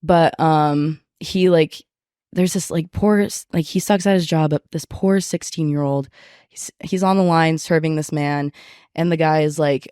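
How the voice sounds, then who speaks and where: A woman's voice: low-pitched, measured pace, smooth, no echo. Young woman telling a work story, dry. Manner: animated, profane, lots of fillers. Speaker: podcast guest. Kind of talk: casual storytelling.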